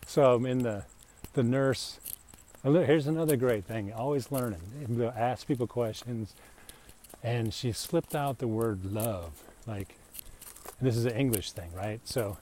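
A man's voice: medium pitch, a little slow, long pauses, mellow, slight background noise. A middle-aged American man telling a rambling, chatty story in a casual monologue, laughing often. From United States.

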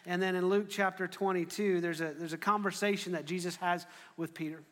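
A man preaching a sermon, telling the story in an animated way and often restarting his phrases. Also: sits high, a little fast. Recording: echoey hall.

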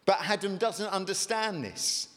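A male pastor preaches with emphatic force, his fairly high voice leaping up on key words. The recording carries the long reverb of a large church hall. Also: measured pace, fairly bright tone. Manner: emphatic preaching with sudden rises in pitch. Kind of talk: sermon.

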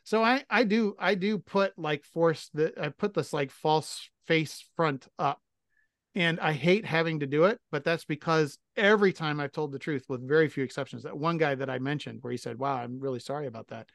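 A man's voice: on the high side, moderate pace, fairly bright tone, no room sound, clean studio sound. A middle-aged man co-hosting a podcast, telling stories in a blunt, profane, self-mocking way. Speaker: podcast co-host. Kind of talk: casual chat.

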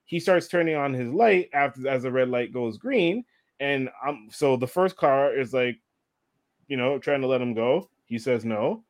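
A man telling a long story in a casual, animated and profane way, laughing as he goes. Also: medium pitch, normal speed. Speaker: podcast co-host telling a story. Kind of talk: casual chat.

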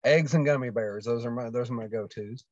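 A wrestler on a podcast tells stories briskly in a darkish, mid-range man's voice, rambling with many fillers and restarts during the casual chat. The recording is dull, dry lo-fi with no echo.

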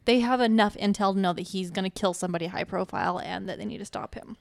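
A woman's voice: mid-range voice, quick pace, vocal fry, no room sound, studio quality. A young woman co-hosting a podcast, chatting casually as she recaps a film, laughing often and acting out lines. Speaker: podcast co-host. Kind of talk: casual movie recap chat.

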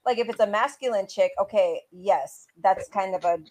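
A woman's voice: medium pitch, normal speed, darkish tone. A young adult woman co-hosting a casual chat, gossipy and full of "like" fillers. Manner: chatty, gossipy, filler-heavy. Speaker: co-host.

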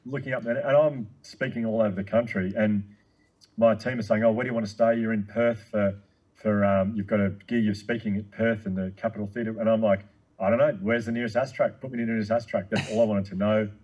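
A man in his thirties, a guest speaker telling a long story in casual chat, excitable and quick. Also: on the low side, highs cut off.

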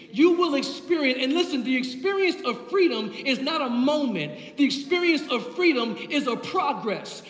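High-voiced impassioned male preacher, echoey hall. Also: fairly bright tone. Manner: impassioned, builds with repeated phrases. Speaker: pastor. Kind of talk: sermon.

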